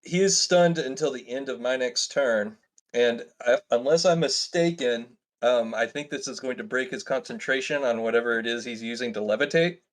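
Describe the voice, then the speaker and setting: A man's voice: medium pitch, moderate pace. Easygoing man playing a tabletop game. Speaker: player. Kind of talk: casual tabletop play.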